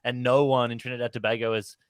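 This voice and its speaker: A man comedian on a comedy podcast, building jokes through deadpan step-by-step reasoning. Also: mid-range voice, quick pace, smooth, no echo. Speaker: comedian guest.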